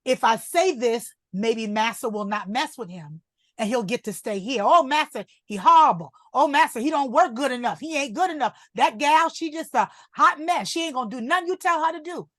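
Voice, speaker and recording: Lady doing a grumbly mom brushing off her kid, highish voice, dry sound. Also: expressive, normal speed, fairly bright tone, no room sound. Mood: dismissive. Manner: dismissive, grumbling. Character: Black mother downplaying her son.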